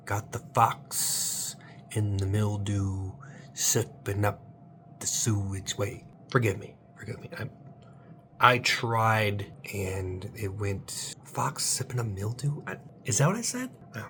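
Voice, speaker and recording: A man hosting a late-night comedic monologue. He rambles in a mock-motivational, absurd way and swings between hushed whispers and loud, drawn-out exclamations. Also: lowish voice, expressive, a little hiss or hum. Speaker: channel host.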